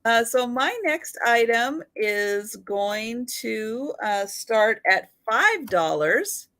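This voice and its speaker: A woman's voice: fairly high pitch, sing-song, extremely slow, a bit bright. A woman hosting a live online sale, chatty and giggly, laughing between her remarks. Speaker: host of an online photo sale. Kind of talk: live-stream sale chat.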